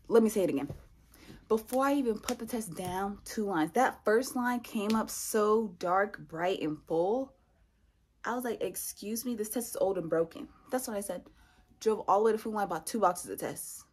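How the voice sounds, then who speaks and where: Husky young woman telling a story. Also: medium pitch, moderate pace. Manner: animated, repeats lines for emphasis. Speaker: vlogger. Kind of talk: storytime vlog.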